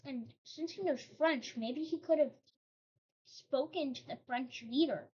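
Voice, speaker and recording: A woman's voice: high voice, a little slow, darkish tone. A woman host telling a made-up history story in a casual, rambling way, breaking off into joking asides. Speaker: channel host. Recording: dull lo-fi recording.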